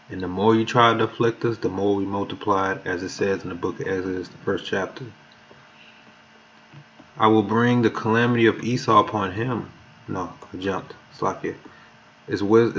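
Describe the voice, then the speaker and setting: During a sermon, a man reads scripture aloud with emphasis, stumbling over a word now and then. His voice is on the low side with a fairly bright tone, and the muffled lo-fi recording carries slight background noise.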